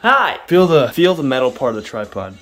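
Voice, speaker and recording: A man's voice: mid-range voice, animated, quick pace. A young man hosting a casual vlog, joking and laughing often. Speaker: vlog host. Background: background music.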